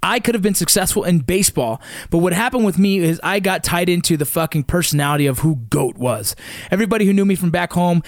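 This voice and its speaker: A man's voice: high-pitched, fast, no room sound, clean studio sound. A man in his thirties from the San Fernando Valley, a father giving a blunt, intense, profane motivational rant that hammers points home through repetition. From San Fernando Valley, California. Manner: blunt and intense, heavy swearing, repeats for emphasis. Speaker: father of young athletes.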